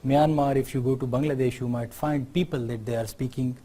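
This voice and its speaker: A man's voice: medium pitch, steady tone, a little fast, mellow. A man from Pakistan with a Pakistani accent, giving a university lecture in an explanatory way and often checking in with the class through tag questions.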